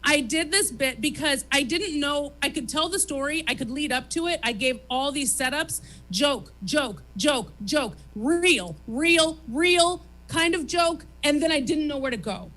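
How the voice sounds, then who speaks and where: Bright, high-voiced profane woman comedian. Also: expressive. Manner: emphatic, profane, rapid-fire. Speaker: comedian guest. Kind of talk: candid confessional talk. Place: comedy theater stage.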